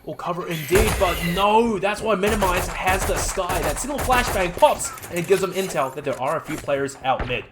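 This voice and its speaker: An esports co-commentator giving excitable live commentary on a match and laughing often. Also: mid-range voice, moderate pace, hardly any pauses. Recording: noisy background hiss.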